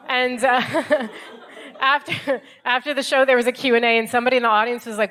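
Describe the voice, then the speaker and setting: An American woman in her thirties performing stand-up comedy in a club, wry and deadpan, acting out other people's lines. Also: on the high side, quick pace. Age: 30s.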